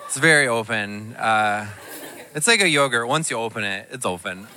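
A man's voice: mid-range voice, moderate pace, very noisy. Self-mocking stand-up comedian man. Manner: self-deprecating, animated storytelling.

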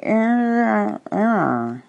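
A woman's voice: lowish voice, big pitch swings, moderate pace, gravelly, mellow, breathy edge, muffled recording, voice pushed up, heavily acted. A woman voicing a bouncy, boastful young male tiger in an emphatic way while reading a storybook aloud.

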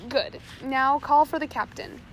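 A woman's voice: high voice, steady tone, measured pace, a bit bright, slight background noise, low-quality recording. A woman doing a menacing pirate captain. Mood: brusque. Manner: gruff, menacing. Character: cool ruthless male pirate captain. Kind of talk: storybook reading.

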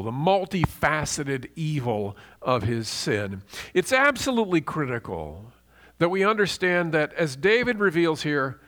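A man delivers a sermon in an earnest, teaching voice that sits a little higher than most men's. He leans hard on key words and slows right down to stress a repeated phrase. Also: fairly bright tone. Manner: earnest, emphatic teaching with slow stressed repetitions. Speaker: preacher.

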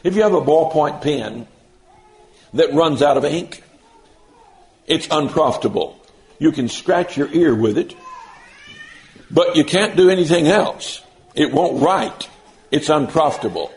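A man preaching a sermon, stressing key words slowly and mixing in folksy everyday examples. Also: a little high, animated, a little mellow, a little hiss or hum, poor audio.

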